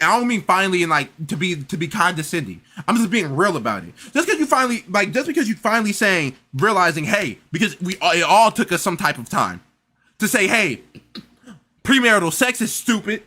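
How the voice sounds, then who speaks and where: High, lively man ranting in exasperation. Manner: exasperated, rambling, stammering repeats. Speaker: reaction streamer. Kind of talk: reaction commentary.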